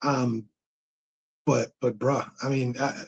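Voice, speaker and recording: Blunt man, husky lo-fi voice. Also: mid-range voice, level tone, takes it slowly. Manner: blunt, repeats himself to press a point. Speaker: co-host of a live Q&A stream. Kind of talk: casual live-stream chat. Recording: dull lo-fi stream audio.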